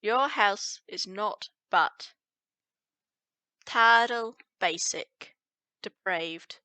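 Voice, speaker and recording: A woman walks through a folk song as a teacher, breaking each line into words and explaining them. She speaks at an unhurried, careful pace with a bright, forward tone. The recording is dry and close, with no room sound. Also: mid-range voice, no echo. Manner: slow, explains word by word, sings lines. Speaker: language teacher.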